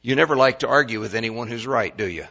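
Gravelly-voiced older man preaching. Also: medium pitch, quick pace, pushed and bright, highs cut off. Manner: folksy preaching with stammered restarts and asides to the congregation. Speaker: pastor. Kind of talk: sermon.

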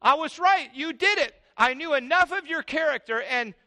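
A man's voice: high voice, sing-song, a little fast, vocal fry, sharp tone, in a large hall, exaggerated voice. A man voicing an angry, sulking male prophet of old, complaining in an exasperated tone.

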